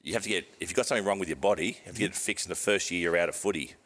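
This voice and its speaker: A man's voice: low-pitched, rapid-fire, fairly bright tone. A middle-aged Australian man hosting a casual podcast, asking chatty questions and laughing easily. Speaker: podcast host. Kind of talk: casual chat.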